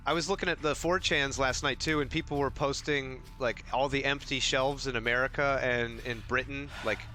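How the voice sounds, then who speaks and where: A man's voice: mid-range voice, fairly even intonation, normal speed, sharp tone, slight background noise. A man streaming a game, chatting casually and telling rambling, joking stories between play. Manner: joking, rambling storyteller who acts out quips. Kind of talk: casual gaming stream commentary.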